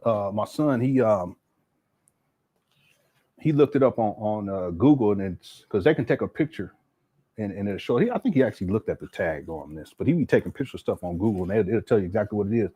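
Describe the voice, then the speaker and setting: Lively, laughing man commenting casually. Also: lowish voice, a little fast, breathy edge. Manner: laughs often, mocking. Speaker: commentary host.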